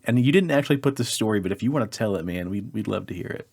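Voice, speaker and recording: Animated storytelling podcast man. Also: on the low side, rapid-fire, gravelly, no room sound. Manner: animated, acts out quotes in a raised voice. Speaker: podcast co-host. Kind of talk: casual storytelling.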